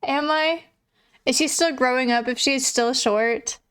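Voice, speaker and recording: Young woman streamer, laid-back chatter, slightly high, clear and smooth voice, cusses casually. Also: measured pace, a bit bright. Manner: chatty, swears casually, laughs often. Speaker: livestreamer. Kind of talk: casual chat reading viewer messages.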